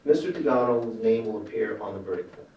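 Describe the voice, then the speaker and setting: A man's voice: lowish voice, expressive, fairly quick, dull audio. Man, attorney, closing argument, emphatic, distant mic, very echoey courtroom, faint room noise. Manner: emphatic, addressing the jury. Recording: echoey courtroom recording from far off.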